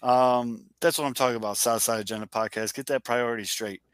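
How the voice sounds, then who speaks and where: A man's voice: mid-range voice, steady tone, a little fast, clean tone, no room sound. A man co-hosting a sports podcast, telling stories animatedly and swearing casually. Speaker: podcast co-host.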